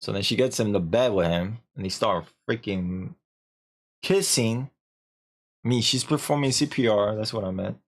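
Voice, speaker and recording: A man's voice: on the low side, moderate pace. A young man streaming, casually recapping a story in a rambling, slangy way with lots of filler.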